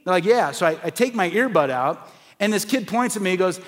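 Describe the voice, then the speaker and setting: A middle-aged man preaching a sermon, telling a story in an animated way and acting out the voices of the people in it. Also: high voice, fairly quick. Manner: animated, acts out quoted voices. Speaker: pastor. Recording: long hall reverb.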